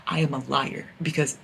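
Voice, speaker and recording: A woman's voice: sits low, fairly even intonation, a little slow, gravelly, fairly bright tone, a little hiss or hum. A young woman vlogging about her reading at home, talking casually with heavy emotion, swearing and exasperated rants, upset from crying. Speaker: book vlogger. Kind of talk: casual reading vlog chat.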